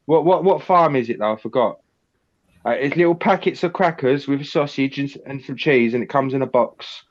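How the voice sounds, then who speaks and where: A man's voice: mid-range voice, normal speed, muffled recording. An English man chatting casually as a livestream guest, teasing the others with crude insults. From England.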